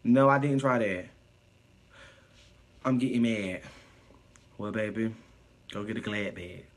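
A man live streaming casual chat, reading viewer comments aloud and answering them in a sassy, profane, animated way. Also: on the low side, slow pace.

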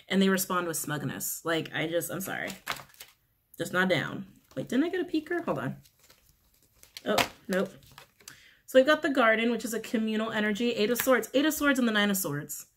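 Woman, tarot reader, casual reading, blunt, frank, exasperated, curses, repeats phrases, clears throat. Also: mid-range voice, big pitch swings, brisk, a little hiss or hum.

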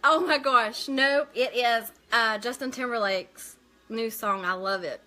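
A woman's voice: a little high, unhurried, sharp tone. A woman hosting a casual live makeup stream, chatting as she works and answering viewer comments aloud.

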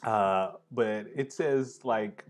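A man's voice: lowish voice, drawn-out words. A man hosting a casual chat over tea, filling his talk with "like" and "right?". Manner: chatty, fills with "like" and "right?". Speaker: host.

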